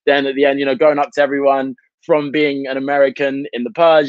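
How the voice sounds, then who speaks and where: A British man, an actor, talking through his craft at length in a relaxed interview, with frequent "you know" fillers. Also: mid-range voice, brisk, hardly any pauses, no echo, highs cut off. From United Kingdom. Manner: expansive, reflective, many "you know" fillers. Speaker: actor, guest. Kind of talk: casual interview chat.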